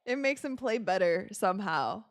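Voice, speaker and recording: A woman's voice: medium pitch, normal speed, no echo, clean studio sound. Chatty woman hosting a game watch party. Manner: chatty, reads viewer comments, excited outbursts at plays. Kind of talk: casual live-stream chat and game reactions.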